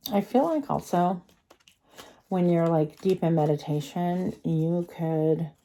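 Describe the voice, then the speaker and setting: A woman's voice: lowish voice, drawn-out words, long pauses, warm tone. A woman giving a pick-a-card tarot reading, chatty and rambling, thinking aloud with many fillers and slightly slurred speech from a retainer.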